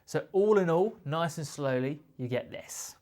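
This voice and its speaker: A man's voice: on the high side, lively intonation, measured pace, darkish tone. A man with a British accent teaching a drum lesson, explaining patiently and counting beats aloud. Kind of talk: instructional explanation.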